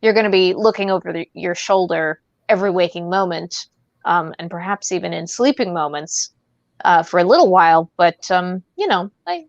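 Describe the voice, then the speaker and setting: A woman's voice: on the low side, expressive, moderate pace, gravelly, no echo, dull audio. A woman hosting a casual podcast, rambling along with lots of fillers and frequent laughs. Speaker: podcast host.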